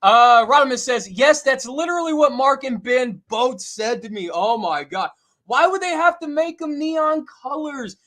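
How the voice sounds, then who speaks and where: A man hosting a casual live stream, reading out viewer comments in an excitable way, laughing often and filling pauses with "uh". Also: extremely high pitch. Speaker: host reading viewer chat.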